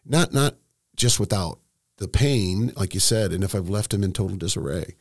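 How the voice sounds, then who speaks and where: Low, gravelly-voiced man telling a story. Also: animated, no echo, clean studio sound. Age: middle-aged. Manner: emotional, halting, many restarts. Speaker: estate planning seminar host, guest. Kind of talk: candid storytelling in conversation.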